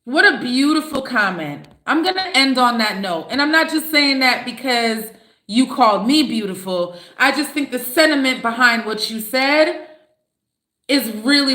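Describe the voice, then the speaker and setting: Bright-voiced woman streamer, echoey room. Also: on the high side. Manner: animated, reads chat comments aloud and answers them. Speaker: livestream host. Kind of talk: live reaction stream chat.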